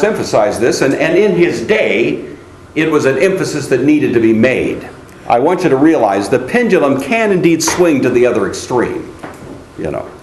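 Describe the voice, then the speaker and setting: A man lecturing a class, calling on students by name and now and then mocking the ideas he quotes. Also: mid-range voice. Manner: animated, calls on students by name; mocking singsong when quoting shallow hymns. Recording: echoey classroom with faint ambient noise.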